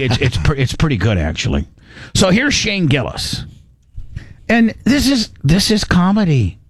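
A man's voice: medium pitch, no echo, studio quality. A man hosting a podcast, talking in casual commentary that rambles, with many restarts and repeated words, blunt and crude. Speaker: podcast host.

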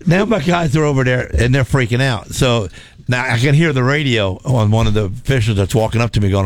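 Man, storyteller, animated, dry close sound, repeats words when excited. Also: mid-range voice, fast talker, dry recording. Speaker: former race car driver telling stories. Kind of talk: casual storytelling chat.

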